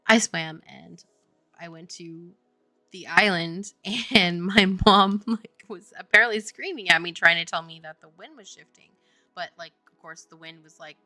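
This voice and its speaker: A woman's voice: fairly low pitch, pushed and bright. A woman game developer chatting casually on a livestream, telling a rambling story full of "like" and laughter. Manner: rambling storytelling, heavy use of "like", frequent laughter. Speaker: game developer streaming her work.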